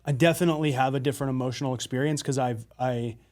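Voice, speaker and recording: A man's voice: medium pitch, steady tone, fast talker, darkish tone. A man co-hosting a podcast in a casual conversation, candid and self-deprecating, with casual swearing. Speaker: podcast co-host.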